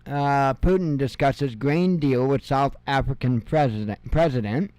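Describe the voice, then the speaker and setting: A man's voice: mid-range voice, a little slow, a little mellow, no echo. Sarcastic man in his fifties reading headlines. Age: 50s. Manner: sarcastic asides, chuckles between headlines. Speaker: news show host. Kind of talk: casual headline reading with commentary.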